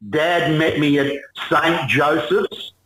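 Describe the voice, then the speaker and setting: A man in his sixties with an Australian accent, a musician guest telling lively stories and acting out the people in them. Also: a little high, slow pace, a little hiss or hum, low-quality recording. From Melbourne, Australia. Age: 60s. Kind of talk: casual storytelling interview.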